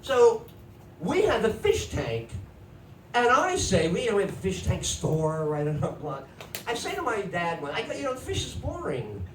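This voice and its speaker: With widely swooping pitch and a moderate pace, a middle-aged comic tells a story onstage at a comedy club, animatedly voicing his family and shouting the punchlines and big moments. The room is echoey, the mic picks him up from a distance, and noise is audible.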